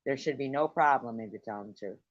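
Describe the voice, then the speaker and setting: A woman's voice: very deep voice, fast talker, no echo, dull audio. A woman livestreamer arguing back hard, swearing and demanding answers. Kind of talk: heated online argument.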